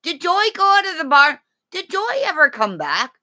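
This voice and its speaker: Giggly, foul-mouthed woman with a bright voice. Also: high-pitched, wildly swooping pitch, normal speed, few pauses. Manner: laughs constantly, swears freely, teasing and affectionate. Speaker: livestream host chatting with viewers. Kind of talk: casual rambling chat. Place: at home, in bed with her dog.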